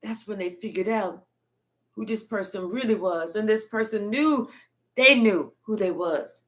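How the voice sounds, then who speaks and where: A woman giving a spiritual reading, telling it like a profane, animated story. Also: medium pitch, unhurried, a little hiss or hum. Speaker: tarot reader.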